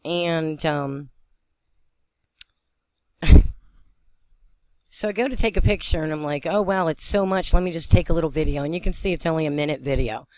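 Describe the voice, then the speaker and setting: Excitable rambling woman vlogger, dry sound. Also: deep voice, normal speed, pauses often, no echo. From western Pennsylvania. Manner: excitable, rambling, breaks into laughter. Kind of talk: excited spiritual vlog narration. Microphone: phone.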